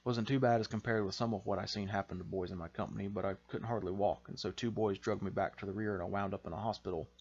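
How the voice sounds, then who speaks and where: A man reads a gaunt, unwell infantryman in a storybook reading, speaking in a low, unhurried drawl with homespun turns of phrase. He sounds hesitant and folksy. The audio is slightly dull. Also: steady tone, a little mellow, slightly rough. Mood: plain. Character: shy, sickly rural Southern male infantry veteran.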